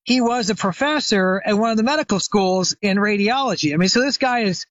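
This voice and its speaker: A man's voice: sits high, animated, brisk, a bit bright, dry recording, muffled recording. An older man, a retired chiropractor, telling a long anecdote as a guest expert in an interview, with many fillers and restarts. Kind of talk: conversational storytelling interview.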